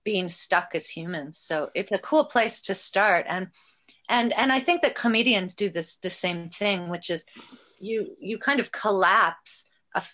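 A woman's voice: mid-range voice, animated, fairly bright tone. A woman in casual conversation who muses thoughtfully and restarts her sentences often as she searches for words. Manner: musing, thoughtful, halting restarts.

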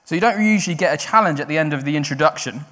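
A man preaching in a church hall. His voice sits a little higher than most men's and carries a long reverb from the hall. He moves from loud, raised cries back down to a quiet, chatty delivery. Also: rapid-fire. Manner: builds to loud cries when quoting, then drops quiet and conversational. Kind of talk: sermon.

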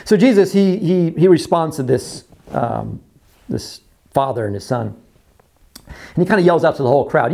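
A man preaching a sermon, repeating his phrases and acting out quoted voices, dropping to quiet lows. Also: sing-song, moderate pace, creaky. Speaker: pastor.

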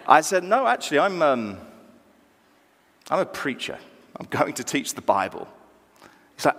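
A man preaching a sermon as pastor, animated and acting out dialogue with rising emphasis, recorded in a church. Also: medium pitch, brisk, pauses often. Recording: church hall reverb.

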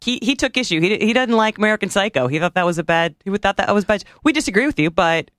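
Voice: mid-range voice, expressive, quick pace, fairly bright tone, dry recording, studio quality. A podcast co-host in casual chat, talking easily and laughing often. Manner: chatty, laughs easily, with fillers.

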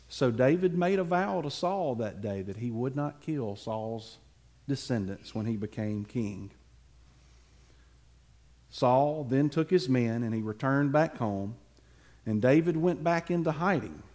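Animated slow-talking preacher telling a story. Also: male voice, mid-range voice. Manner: playful asides to listeners, dramatic pauses. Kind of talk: animated Bible storytelling for a congregation.

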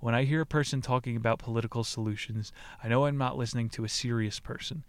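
A man hosts a podcast, reading book passages aloud in a deadpan voice of ordinary pitch. Between passages he drops into casual, profane commentary and laughs at the material. The recording is dry and close, with no room sound. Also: fast talker, no echo. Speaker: podcast host.

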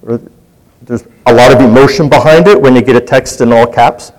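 A man's voice: medium pitch, brisk, darkish tone, poor audio. A man leading a Bible study, teaching in a conversational way and putting questions to his group.

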